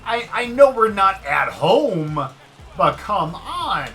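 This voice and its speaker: A gaming video creator speaks slowly over soft background music while playing a baseball video game in casual let's-play style. Excitable, he talks directly to the game and cheers and groans at each pitch.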